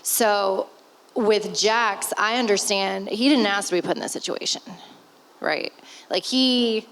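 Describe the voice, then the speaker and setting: A woman in her thirties talks openly and with feeling, her voice near tears. She sighs, swears now and then, and speaks with a heartfelt warmth. Her pitch sits in a mid range. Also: steady tone, unhurried, rough recording. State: emotional, close to tears. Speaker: stepmother guest on a family podcast. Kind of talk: candid conversational talk.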